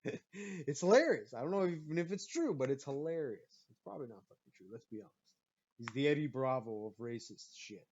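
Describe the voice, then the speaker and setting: A man hosting a podcast and ranting in a profane, animated way about his own stories. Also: mid-range voice, a little fast, slight background noise. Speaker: podcast host. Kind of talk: profane comedic rant. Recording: muffled lo-fi recording.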